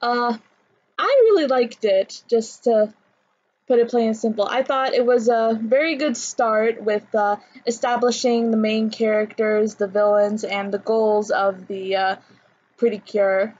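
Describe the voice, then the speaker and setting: A woman's voice: on the high side, steady tone, unhurried, a little mellow. Woman rambling in a home vlog, lots of ums and uhs, kinda muffled mic. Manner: chatty, with many fillers and restarts. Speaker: anime vlogger. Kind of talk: casual vlog chat.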